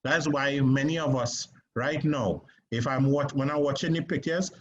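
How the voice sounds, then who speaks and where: A man teaching an online acting lesson, talking conversationally with emphatic pauses and checks on whether his listeners follow. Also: medium pitch, highs cut off, slight background noise.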